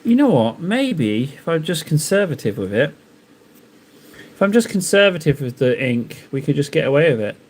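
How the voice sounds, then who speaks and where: A man's voice: fairly high pitch, very animated, moderate pace. Chatty man painting on a live stream. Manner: rambling, jokey self-talk while painting. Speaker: livestream host painting miniatures. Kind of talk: casual live-stream chat.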